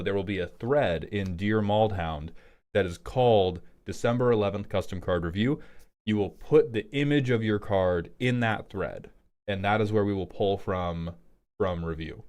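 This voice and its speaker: Low-voiced dude streaming, swearing and joking around, rambling off on tangents. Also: male voice, normal speed, a little mellow. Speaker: streamer host. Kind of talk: casual live stream chat.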